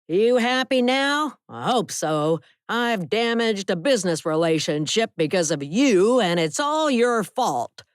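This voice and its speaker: A woman's voice: mid-range voice, lively intonation, a little slow, few pauses, no room sound, clean studio sound, voice pushed up, natural voice. A woman voicing a crooked, scheming man who blusters and bullies in an audiobook. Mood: angry. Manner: brash, blustering. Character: crooked scheming man, land-grabbing neighbor.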